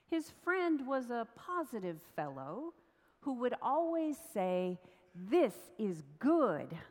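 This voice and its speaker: A woman from the United States preaching a sermon, telling a story in a slow, measured way. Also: mid-range voice. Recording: long reverb of a large hall.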